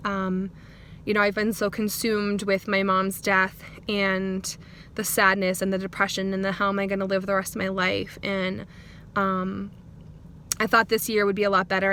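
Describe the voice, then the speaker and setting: Woman vlogger, candid diary talk, earnest and halting, bright tone, faint background hum. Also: medium pitch. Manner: earnest and reflective, with frequent pauses and ums. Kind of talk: candid personal video diary.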